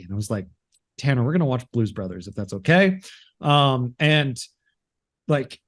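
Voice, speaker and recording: A young man co-hosting a podcast in easy casual chat. He stops and restarts often, filling gaps with ums, in a voice of ordinary pitch. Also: darkish tone. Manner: halting, many fillers and repeated words. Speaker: podcast co-host.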